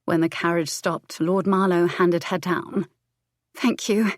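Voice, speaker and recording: A woman reads a historical romance audiobook with measured, expressive narration. Her voice is lowish for a woman. It is recorded close and dry. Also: no room sound.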